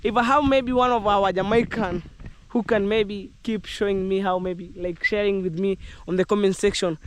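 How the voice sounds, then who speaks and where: Walking through the countryside outdoors, a young Kenyan-accented man with a high, steady voice at moderate pace chats to camera for his vlog. He's upbeat and rambling, mixing in some Jamaican slang, with a little hiss or hum audible.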